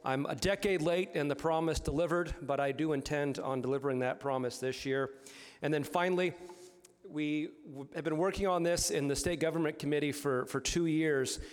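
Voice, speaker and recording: A man speaking on a legislative floor, thanking colleagues earnestly with some halting fillers before making a motion. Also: on the high side. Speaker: state legislator. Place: legislative chamber. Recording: echoey hall from a chamber mic.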